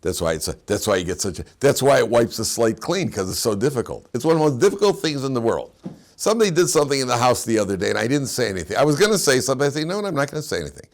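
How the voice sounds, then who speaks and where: Creaky-voiced male rabbi telling stories. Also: medium pitch, rapid-fire. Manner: animated, chuckling storyteller, mixes Hebrew terms into English. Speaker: rabbi teaching the weekly Torah portion. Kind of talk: lecture with humorous storytelling.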